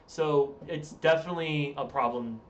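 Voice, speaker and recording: This casual live-stream chat comes from a tired young man at home, his voice on the high side and his speed normal. He rambles and keeps cutting himself off as he talks to viewers, and the lo-fi sound is distant and echoey from the room.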